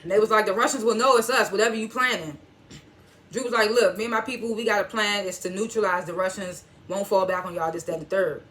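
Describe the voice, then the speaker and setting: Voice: medium pitch, steady tone, quick pace, fairly bright tone. A TV reviewer in AAVE, casually recapping an episode, retelling scenes line by line and chuckling at the twists. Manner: storytelling, quotes characters with "he was like"; chuckles and reacts while retelling.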